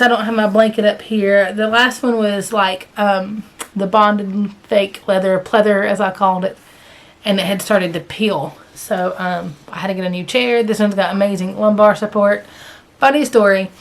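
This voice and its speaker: A woman's voice: mid-range voice, steady tone, moderate pace. A woman chatting casually about her cross-stitch progress, rambling a little and correcting herself as she goes, sitting in a chair at home. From American South. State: hiccups. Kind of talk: casual chat.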